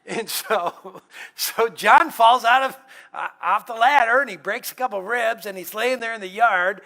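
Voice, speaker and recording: A middle-aged male guest pastor preaches in a church. He tells stories in a humorous, chatty way. His voice sits high for a man and rings bright and forceful. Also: a little slow. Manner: humorous, anecdotal, conversational. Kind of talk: storytelling sermon.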